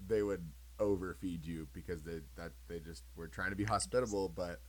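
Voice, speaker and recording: An American man in casual conversation, telling stories in a relaxed way. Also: low voice, normal speed, rough recording. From United States. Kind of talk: casual chat.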